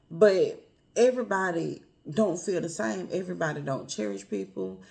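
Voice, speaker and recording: A woman speaking earnestly and personally to her viewers, calling them y'all and family, with a quiet, emotional edge. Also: lowish voice, vocal fry. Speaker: vlogger. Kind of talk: heartfelt personal talk to camera.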